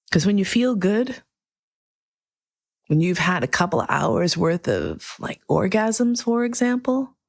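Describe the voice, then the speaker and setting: A middle-aged woman hosting her own podcast, talking earnestly and emotionally, swearing freely, in slow, deliberate phrases. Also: fairly low pitch. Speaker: podcast host. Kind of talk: heartfelt solo podcast monologue.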